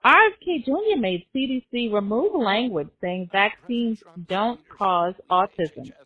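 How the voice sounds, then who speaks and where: A woman's voice: on the high side, animated, a little slow, husky. A woman podcast host giving a comedic news roundup, sarcastic and laughing between jokes. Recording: tinny phone-like sound.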